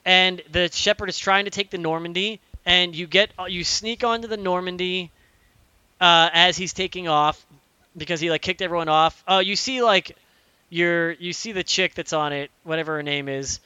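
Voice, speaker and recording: This young man has a high, bright voice and tells the story in an animated, profane rant full of "like" and restarts. The sound is dry and close, with no room behind him. It is loose, casual chat among friends. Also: moderate pace, clear, resonant tone, no room sound. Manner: animated, profane ranting with lots of fillers. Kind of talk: casual chat, retelling a video game story.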